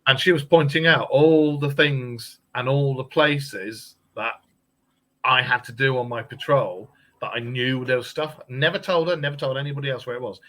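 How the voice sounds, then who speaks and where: A man's voice: mid-range voice, moderate pace, fairly bright tone, poor audio. A middle-aged man from England chatting as a guest, telling jokey anecdotes and slipping into voices. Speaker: guest, paranormal investigator and podcaster. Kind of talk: casual chat.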